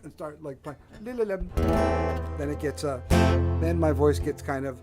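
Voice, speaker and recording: Over loud music, a man with a Delaware County Philadelphia accent hosts a casual solo livestream from his porch setup at home, speaking into a desk microphone. His voice sits on the high side, slow and creaky. He rambles, pokes fun at himself, and fills his speech with fillers.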